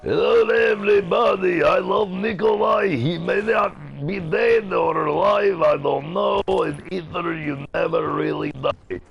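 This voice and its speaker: A boisterous soldier who loves his vodka, as a man puts him on, booming out in a voice pitched far above his own. He is loud and gleeful. A game-streamer's impression of the character. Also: measured pace, vocal fry, few pauses, muffled recording, heavily acted.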